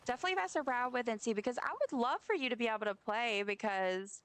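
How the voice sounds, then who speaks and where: Talking fast in a slightly bright, smooth, fairly high voice, a young woman keeps up casual, rambling chatter with her stream's viewers while gaming. She's friendly and addresses her chat directly.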